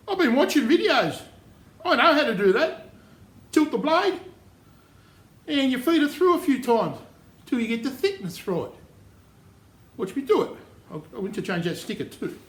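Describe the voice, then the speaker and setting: A man's voice: very high voice, a bit bright. A man, bantering cockily as a novice woodworker in a workshop shed. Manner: cocky, joking, slangy. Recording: roomy echo.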